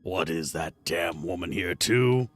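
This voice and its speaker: A grumbling, scornful male villain growls his lines in a dropped, gravelly register, put on by a man. The sound is dry and close, with faint game music underneath. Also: low voice, expressive, a little slow, dry recording, pitched below the performer's own voice.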